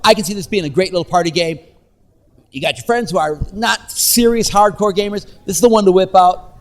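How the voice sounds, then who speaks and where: Male podcast host, high voice, energetic, casual interviewer at a con. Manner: upbeat, quick asides and restarts. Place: busy convention floor.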